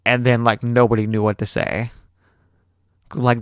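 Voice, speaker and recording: A man hosting a podcast, telling a long story in a profane, repetitive, animated way. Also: medium pitch, unhurried, pauses often, smooth, dry recording, studio quality. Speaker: podcast host. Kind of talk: casual storytelling monologue.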